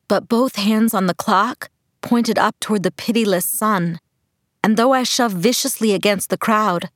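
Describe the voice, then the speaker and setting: A woman's voice: medium pitch, no echo. A woman narrating a first-person audiobook in a mid-range voice. She tells it with tense, urgent drive, close to the microphone. The booth is completely dry, with no room sound.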